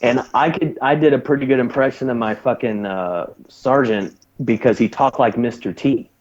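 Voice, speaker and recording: A man's voice: mid-range voice, moderate pace, muffled recording. A man in his thirties, a former Navy corpsman, telling a profane story animatedly as a guest on a casual podcast. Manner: profane, animated anecdote telling with put-on quotes.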